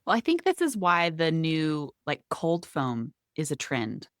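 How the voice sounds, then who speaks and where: A woman co-hosting a podcast in casual chat, relaxed and thinking aloud. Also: low-pitched, a little slow, no echo, clean studio sound. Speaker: podcast co-host.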